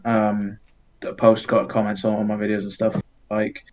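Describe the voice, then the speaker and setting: A man's voice: on the low side, completely flat delivery, normal speed, highs cut off, crowd noise. A man who makes game videos, talking casually as a podcast guest, rambling and swearing a little. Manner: rambling, full of fillers and restarts, casual swearing.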